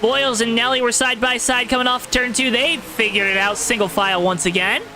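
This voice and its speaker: A man with a very high, steady voice calls an online sim race play-by-play, speaking fairly quickly in a pushed, bright, exaggerated announcer tone aimed straight at viewers. The recording is rough, with slight background noise.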